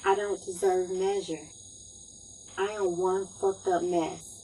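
A woman's voice: lowish voice, fairly even intonation, takes it slowly, dark tone, a little hiss or hum. A woman playing a broken, pleading young woman. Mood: bleak. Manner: pleading, emotionally raw delivery. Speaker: actress performing dramatic poems. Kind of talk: dramatic poetry performance. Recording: echoey room.

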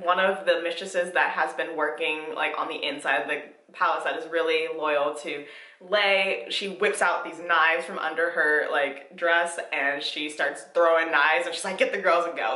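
A woman book vlogger chatting casually about a novel she is reading, recapping the story and reacting out loud. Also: lowish voice, echoey room. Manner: chatty recap, breaking into laughs and pained outbursts while reading. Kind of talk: casual reading vlog chat.

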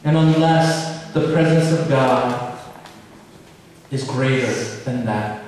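A man's voice: mid-range voice, slow pace, a little mellow, slight background noise. A male pastor preaching a sermon, pleading with earnest questions to his listeners. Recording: echoey hall from far off.

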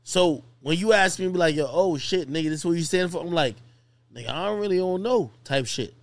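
An excitable man with a high voice talks slangy podcast chat. He keeps breaking in with eager questions. The recording is dry and close. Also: fairly quick, no room sound. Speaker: podcast host. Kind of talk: casual chat.

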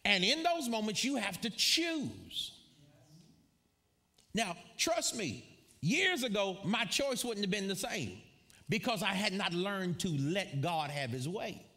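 Animated, bright-voiced male preacher. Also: high voice, takes it slowly, gravelly. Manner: animated storyteller, laughs often, calls out to congregation. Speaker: pastor. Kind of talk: sermon with storytelling. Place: church before a live congregation.

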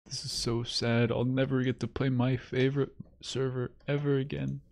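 A man's voice: medium pitch, little pitch movement, normal speed, gravelly, a little mellow. A man streaming live, chatting casually and rambling between bursts of laughter and mock self-pity. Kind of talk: casual livestream chat.

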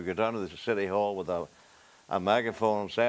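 A man's voice: lowish voice, fairly even intonation, moderate pace, a crowd in the background. An older man with a Northern Irish accent, a talk show guest telling a casual anecdote and acting out the quotes. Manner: storytelling with acted-out quotes. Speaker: talk show guest, former sports broadcaster.

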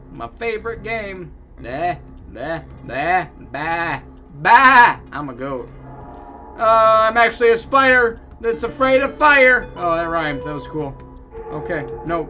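A man giving casual gameplay commentary, animated with loud outbursts and self-mocking jokes. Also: high-pitched. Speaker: gaming video host.

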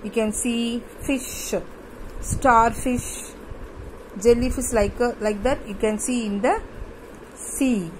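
A woman teaching young children from a workbook, going slowly, repeating words and spelling them out letter by letter. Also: fairly high pitch, steady tone, slight background noise, low-quality recording. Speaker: primary school teacher. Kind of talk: classroom lesson, explaining a workbook page.

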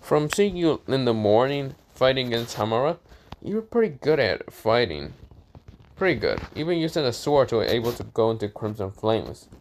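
A man's voice: medium pitch, sing-song, moderate pace, slight background noise. A man voicing a pushy, curious teenage girl classmate who asks prying questions with indignant snaps.

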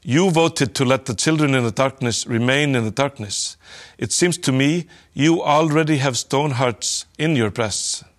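A man voicing a smooth-talking, greedy male space trader in a storybook reading, with a sly, wheedling patter. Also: mid-range voice, a little slow, natural voice. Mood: smug.

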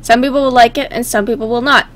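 A woman's voice: a little high, steady tone, quick pace, a bit bright. A woman hosting a gaming video, chatting casually and giggling as she reacts and tries out silly character voices. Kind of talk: casual game commentary.

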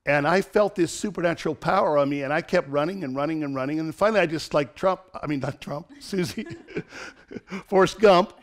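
A middle-aged man preaches an online sermon with a lively, joking manner, and he laughs between lines. His voice sits fairly high for a man. He throws himself into dramatic storytelling. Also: a little fast. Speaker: pastor.

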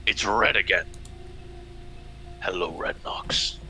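A man's voice: on the low side, wildly swooping pitch, slow, bright, forceful tone, soft background music. A man joining a live stream, chatting casually and dropping dry joking asides. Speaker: stream guest.

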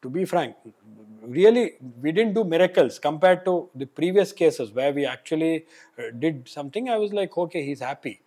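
A man, a pulmonologist, recounts patient stories in a lively, chatty way, his slightly high voice breaking into laughter as he goes. The talk is a relaxed interview. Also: moderate pace. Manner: animated, laughs while telling anecdotes. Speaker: pulmonologist guest. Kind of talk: casual interview storytelling.

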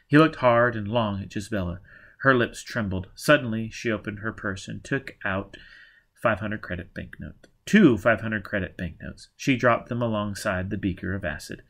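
A man's voice: fairly low pitch, normal speed, gravelly, a bit bright. Man reading a novel aloud. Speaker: audiobook reader. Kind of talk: audiobook narration.

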